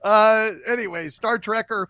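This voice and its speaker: A man hosting a casual livestream about movies, chatty and animated, reading viewer messages and laughing often. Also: high voice, unhurried, clear, resonant tone, no room sound. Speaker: podcast host.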